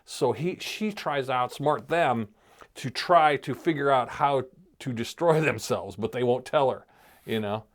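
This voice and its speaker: A man's voice: mid-range voice, unhurried. A man co-hosting a casual podcast chat, rambling as he retells a show's plot in quoted voices. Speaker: podcast co-host.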